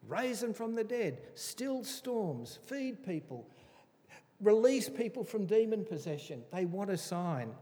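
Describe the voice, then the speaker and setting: A man teaching through a Bible passage in an animated, emphatic, chatty way. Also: high voice. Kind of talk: conversational Bible study sermon. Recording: reverberant hall.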